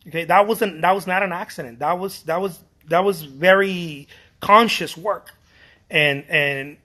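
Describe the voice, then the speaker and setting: A man's voice: sits high, bright, forceful tone. A middle-aged man giving a casual motivational talk to fellow artists, emphatic and repetitive, often restarting his phrases and swearing casually.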